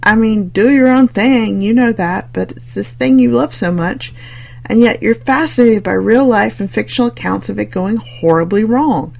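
Reader doing frank young woman asking questions, kinda gravelly, plain storybook voice. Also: mid-range voice, normal speed, a little mellow, voice pushed up. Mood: puzzled.

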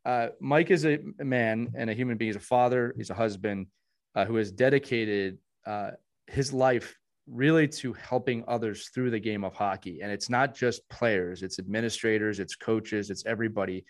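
A man hosting a hockey podcast, chatting casually and warmly, with frequent restarts and repeated words. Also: lowish voice, moderate pace. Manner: warm, rambling, many restarts. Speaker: podcast host.

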